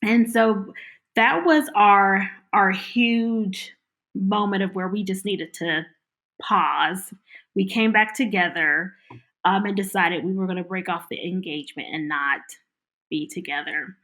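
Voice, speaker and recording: A woman telling her own story in an interview, animated and laughing as she recounts it. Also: medium pitch, a little slow, low-quality recording.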